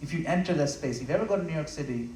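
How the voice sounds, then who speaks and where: A man giving a devotional talk at a home gathering, impassioned and conversational, swinging from loud emphatic peaks to low, intimate asides. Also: expressive, slight background noise. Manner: conversational, acts out quick voices of listeners. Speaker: spiritual speaker. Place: room in a home. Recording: roomy, from a distance.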